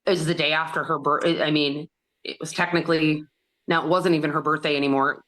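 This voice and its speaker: A woman with a low-pitched voice speaks as a guest on an interview podcast. She tells a painful personal story in an earnest, halting way, often stopping to restart. She voices other people's remarks in quoted dialogue. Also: flat delivery, a bit bright.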